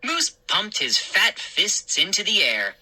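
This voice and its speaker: A woman reading a scary children's story aloud as the show's storyteller, in a measured, expressive way. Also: mid-range voice, breathy edge, rough recording.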